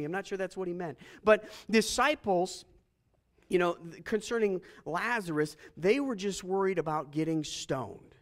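A man preaching a sermon as pastor, animated and joking, asking the congregation questions. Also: sits high, normal speed.

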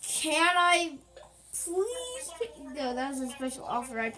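A woman's voice: high voice, sing-song, a little slow, sharp tone, low-quality recording. A woman giving casual, rambling, playful commentary while playing a video game, with jokey asides. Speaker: gaming channel host.

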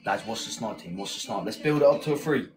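A man's voice: on the low side, lively intonation, fast, poor audio. Chatty man hosting a live stream. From England. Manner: chatty, thanks viewers, rallies team. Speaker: livestream host. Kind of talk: casual live-stream chat. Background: loud music.

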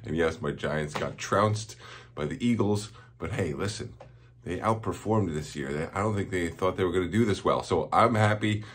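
A man's voice: deep voice, normal speed, slightly rough. A man, a school principal, giving cheerful morning announcements to students and chuckling at their jokes.

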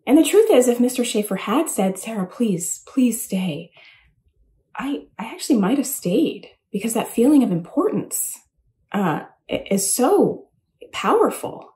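Woman rambling thru a graduation speech, lots of ums, mellow low-key tone. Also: very animated, moderate pace. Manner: rambling, self-deprecating, chatty with many fillers. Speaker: commencement speaker. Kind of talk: casual speech. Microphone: home recording for a virtual address.

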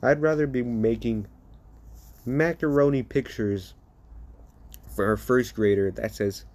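Spiteful, sarcastic teen boy hero, slow and mellow-toned, a man's put-on voice. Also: medium pitch, natural voice. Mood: hostile. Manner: sulky, profane, sarcastic. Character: bitter, rude teenage boy hero.

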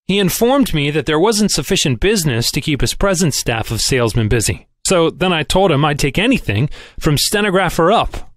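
A man narrates a novel aloud with plenty of expression, moving between the characters' voices. His pitch swings widely and sits a little above the usual for a man. The recording is dry and close, with no room sound. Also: no echo. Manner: lively, expressive storytelling. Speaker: audiobook reader.

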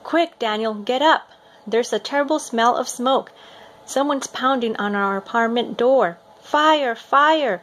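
A woman's voice: fairly high pitch, measured pace, natural voice. A woman voicing a frightened mother who urgently hurries her young son out of a burning building. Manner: urgent shouting.

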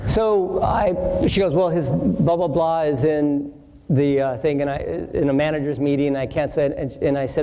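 Man, pastor, animated storytelling sermon, mellow voice, long hall reverb. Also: fairly high pitch, moderate pace. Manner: animated anecdote with voiced quotes. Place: church hall. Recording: distant hall reverb, faint noise.

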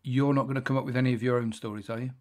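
A man's voice: medium pitch, steady tone, very fast, a little mellow. A man co-hosting a podcast in a chatty, jokey way. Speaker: podcast co-host. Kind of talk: casual chat.

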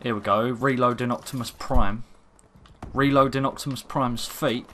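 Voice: mid-range voice, fairly even intonation, moderate pace, a bit bright, a little hiss or hum. A gaming commentator talking over gameplay, exasperated and ranting at the game.

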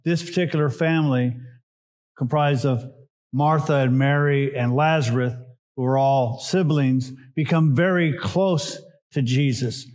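A middle-aged man, a pastor, preaching a sermon in a relaxed teaching way with frequent "uh"s and side remarks. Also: mid-range voice, unhurried. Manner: conversational teaching with asides and filler "uh"s.

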